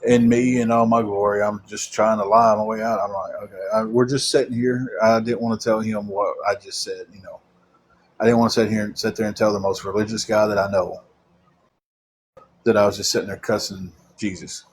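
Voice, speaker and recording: A man's voice: on the low side, little pitch movement, brisk, slight background noise. A man telling a long personal story about his faith, rambling with frequent restarts.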